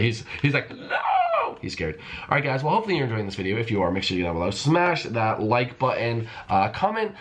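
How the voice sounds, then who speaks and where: Young male gaming YouTuber, low-ish voice, animated swings, playful hype commentary, slight background hiss. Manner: playful, hypes himself up, repeats phrases, talks to viewers as folks. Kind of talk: excited Minecraft let's-play commentary.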